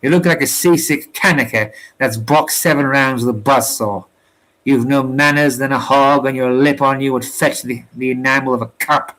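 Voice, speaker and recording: A man reading aloud, voicing a proud, cocky sailor who scorns his rival in rough sailor's slang. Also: medium pitch, steady tone, moderate pace, a bit bright, lightly acted, poor audio. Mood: scornful boasting. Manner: rough sailor's slang, mocking put-downs. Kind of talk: storybook reading.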